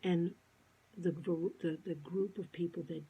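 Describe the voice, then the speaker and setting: Low-voiced woman telling a story. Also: unhurried, husky, lo-fi sound. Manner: animated, acts out quotes, often drops to a whisper. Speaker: vlogger. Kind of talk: personal storytelling monologue.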